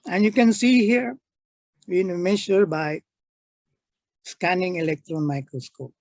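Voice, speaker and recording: An older man giving a halting technical engineering lecture, walking through slides step by step. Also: sits high, a little mellow, no echo. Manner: slow, halting, pointing at slides.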